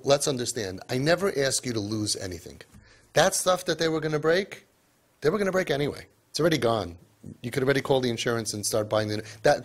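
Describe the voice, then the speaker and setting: Parenting speaker, male, husky voice, emphatic lecture with frequent "right?" asides and big swings in pitch. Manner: mixes Yiddish and Hebrew words into English.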